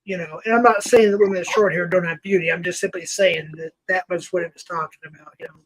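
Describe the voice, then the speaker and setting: Chatty guy in his 50s hosting a live stream, kinda high voice, rambles on to the viewers. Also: fairly even intonation, fast talker, dry recording, low-quality recording. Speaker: host. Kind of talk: casual live-stream chat.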